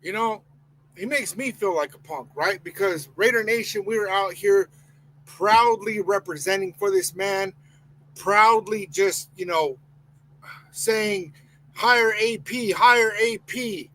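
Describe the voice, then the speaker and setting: A man's voice: high voice, unhurried, a bit bright, a little hiss or hum, poor audio. A man hosting a live sports podcast, ranting heatedly and reading chat comments aloud. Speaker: podcast host.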